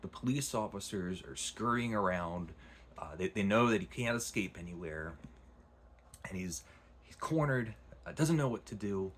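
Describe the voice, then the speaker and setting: Deep, husky man chatting about a book. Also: animated, moderate pace. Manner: rambling, enthusiastic retelling with frequent restarts. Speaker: book reviewer. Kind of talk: casual book review vlog.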